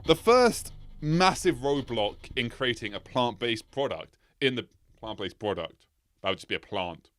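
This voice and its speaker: A male host of an anime explainer video talks in a loose, ad-libbed way, wandering into side stories and laughing at himself. His pitch leaps up and down with lots of energy. A faint music bed plays behind him. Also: a little slow. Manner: tangent-prone, laughs often, animated swings in pitch. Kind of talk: rambling, ad-libbed commentary.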